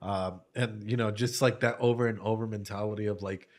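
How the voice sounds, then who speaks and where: A man's voice: lowish voice, fairly even intonation, brisk, darkish tone. A man reacting to a show in casual commentary, laughing often, swearing freely and emotional as he tells a heartfelt story. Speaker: anime reaction host.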